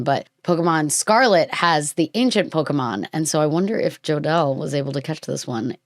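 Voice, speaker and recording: A woman's voice: low voice, no echo, clean studio sound. A woman hosting a podcast, chatting casually in a rambling, playful way with lots of fillers. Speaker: podcast host.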